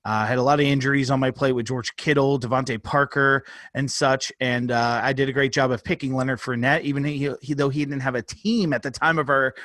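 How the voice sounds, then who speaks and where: A man's voice: medium pitch, fairly bright tone, dry recording, studio quality. A man co-hosting a casual sports podcast, rambling and joking, swearing freely. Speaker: podcast co-host. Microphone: phone held up, on video.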